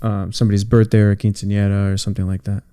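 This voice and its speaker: Man, podcast co-host, casual chat, relaxed, reflective, smooth clear voice. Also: fairly low pitch, rapid-fire. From Southern California. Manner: relaxed, reflective, many fillers.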